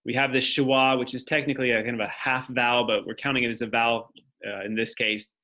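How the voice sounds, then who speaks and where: A man's voice: medium pitch, flat delivery, fast talker, sharp tone. A man giving a step-by-step lecture, thinking aloud as he writes on a board. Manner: explanatory, thinks aloud while writing on a board. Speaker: teacher. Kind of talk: classroom lecture.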